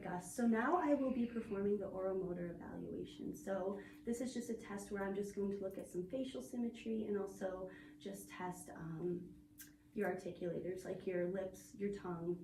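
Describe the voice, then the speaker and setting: A woman working as a speech-language clinician who guides an exam in a calm, patient, step-by-step way. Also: medium pitch, moderate pace, creaky, noisy background. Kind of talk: clinical assessment and discussion. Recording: roomy audio from a distant mic.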